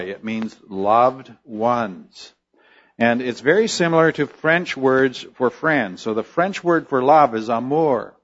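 Male preacher, explanatory sermon delivery with frequent restarts, mid pitch, slightly dull recording. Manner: teacherly, explains word roots, many fillers and restarts. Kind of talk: expository sermon.

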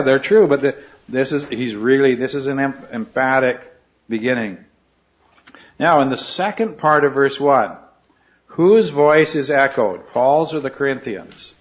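A man's voice: mid-range voice, animated, normal speed. A man leading a Bible study class, asking questions and repeating the students' answers. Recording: slightly dull recording.

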